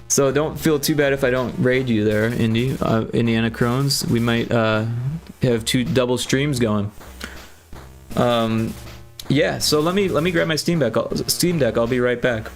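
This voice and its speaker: A man's voice: mid-range voice, a little slow, faint music behind. Rambling man chatting on a livestream. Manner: rambling, thinks aloud with many fillers. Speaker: streamer and game developer. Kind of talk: casual livestream chat.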